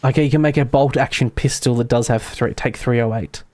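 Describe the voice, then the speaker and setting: A man's voice: medium pitch, steady tone, a little fast, darkish tone, no room sound. An Australian man with an Australian accent, casually commentating his gameplay with sarcastic, self-mocking humor and free swearing. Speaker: streamer.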